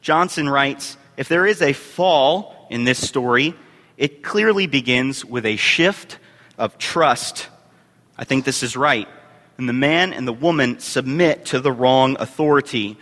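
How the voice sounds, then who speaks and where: Bright-voiced man preaching in a reverberant hall. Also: fairly high pitch, animated. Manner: measured scripture reading with emphatic rises. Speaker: youth and family minister. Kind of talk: sermon.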